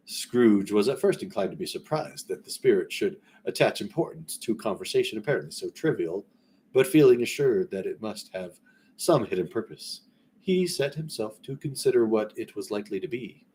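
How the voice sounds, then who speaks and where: A man reading a classic story aloud in a relaxed way, breaking off now and then for rambling, conversational asides. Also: lowish voice, normal speed, slight background noise. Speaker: story reader.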